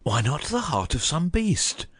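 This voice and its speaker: A man's voice: fairly high pitch, big pitch swings, a little slow, fairly bright tone, slightly rough, exaggerated voice. A man voicing a loyal, anguished huntsman in a dramatized audiobook, emotional and torn. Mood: worried.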